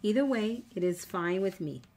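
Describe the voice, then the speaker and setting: A woman's voice: medium pitch, animated, moderate pace, heavy background noise. A woman teaching a live online scrapbooking class in a chatty, encouraging way, teasing her viewers as she walks through each step. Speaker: scrapbooking instructor.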